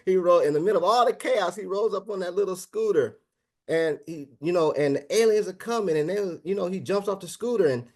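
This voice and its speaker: High-pitched, gravelly high-energy male presenter. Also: lively intonation, fairly quick, a little mellow. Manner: high-energy, keeps asking the audience "right?"; casual and conversational, calls out "man" and "guys". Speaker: business presenter. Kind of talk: motivational business presentation. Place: online video meeting.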